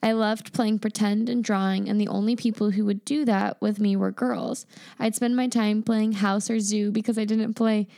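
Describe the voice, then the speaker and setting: A woman's voice: medium pitch, flat delivery, moderate pace, dark tone, no room sound, studio quality. A woman co-hosting a podcast in casual chat, affirming her co-host and reading listener stories aloud.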